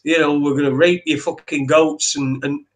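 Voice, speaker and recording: A man co-hosting a talk show, ranting in sweary, animated bursts with lots of restarts. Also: fairly high pitch, moderate pace. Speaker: podcast co-host. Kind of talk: ranting opinion chat.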